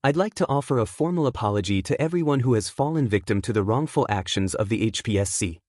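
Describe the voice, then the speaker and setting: A man's voice: mid-range voice, expressive, fast, darkish tone, no echo, studio quality, natural voice. A man reading the formal, solemn public apology of a national leader.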